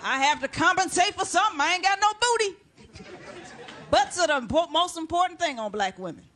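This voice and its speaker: A middle-aged woman doing a loud, brash stand-up comedy routine, shouting out to a live audience. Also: very high-pitched, lively intonation, a little fast, a faint crowd, a little hiss or hum. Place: stage before a live studio audience.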